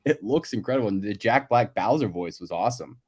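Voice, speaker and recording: A man co-hosting a movie podcast in casual chat, talkative and quick to laugh. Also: lowish voice, animated, breathy edge. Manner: chatty, laughs easily, many "like" fillers. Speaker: podcast co-host.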